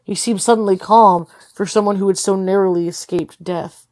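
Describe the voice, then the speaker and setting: A tired woman reads a story aloud in steady narration, sometimes slipping and correcting herself. Her voice is medium-pitched at a normal speed, with no room sound.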